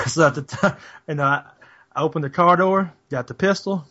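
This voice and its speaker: Man, casual storytelling, profane, somewhat high pitch, muffled call audio. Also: moderate pace, bright, forceful tone, slight background noise. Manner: rambling, profane, laid-back.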